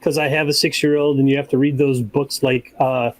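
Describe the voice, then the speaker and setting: Relaxed man in casual podcast chat. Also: mid-range voice, brisk, no echo, rough recording. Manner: relaxed, rambling, acts out examples. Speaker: game master.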